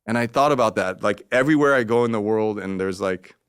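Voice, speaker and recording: A man's voice: lowish voice, fast, a bit bright, clean tone. A man around fifty, a guest in a casual interview, telling stories in a profane, rambling way and acting out quotes.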